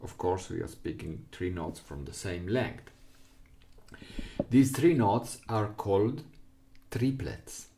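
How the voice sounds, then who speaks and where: A man's voice: sits low, lively intonation, slow pace, vocal fry, pauses often, dark tone, a little hiss or hum. A man with an Italian accent, an Italian speaker teaching a recorder lesson in simple English, patiently explaining step by step. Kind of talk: music lesson.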